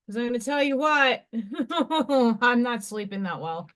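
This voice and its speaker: This is a woman hosting a live craft stream in casual chat. Her voice sits on the high side and she takes her time. She is chatty and excitable, and she narrates her own choices aloud as she works. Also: unhurried. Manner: chatty, excitable, talks to herself while working. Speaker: craft livestream host.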